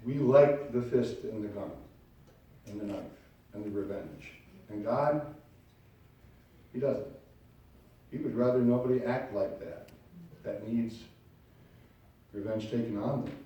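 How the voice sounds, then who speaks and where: A pastor preaching a sermon in a church sanctuary, heard from a distance in a very echoey room. His voice is mellow and mid-pitched, and he acts out small scenes as he tells stories. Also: measured pace, pauses often. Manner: animated storytelling preacher, acting out little scenes.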